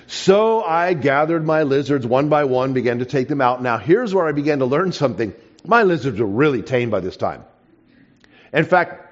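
A man telling a childhood story to an audience as part of a creationist talk, animated and dropping to a soft voice for quoted asides. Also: fairly high pitch. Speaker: creationist speaker. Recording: dull lo-fi recording.

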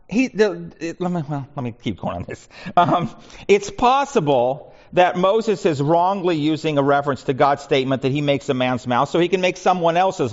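A man leading a Bible study, talking conversationally with frequent restarts and asides. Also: fairly high pitch. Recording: muffled lo-fi recording.

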